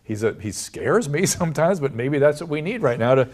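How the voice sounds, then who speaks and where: A man's voice: fairly high pitch, animated, a little fast, darkish tone. Stammering, emotional male interview guest. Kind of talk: talk show interview.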